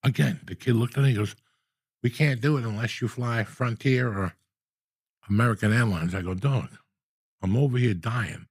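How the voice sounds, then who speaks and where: A man in his sixties telling a story in casual, profane, animated style, with loud outbursts. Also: medium pitch, normal speed, slightly rough, no echo, studio quality. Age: 60s. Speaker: podcast host.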